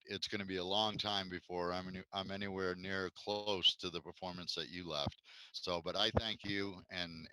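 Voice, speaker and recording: A man's voice: sits low, pushed and bright, clear, resonant tone, no room sound, low-quality recording. A man on a commission giving joking, self-deprecating thanks in a meeting. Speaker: commission member. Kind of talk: meeting tribute remarks. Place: video call.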